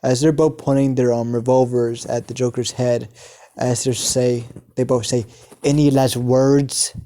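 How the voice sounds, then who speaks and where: Halting man narrating a fan story. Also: medium pitch, flat delivery, warm tone. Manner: halting, many filler sounds.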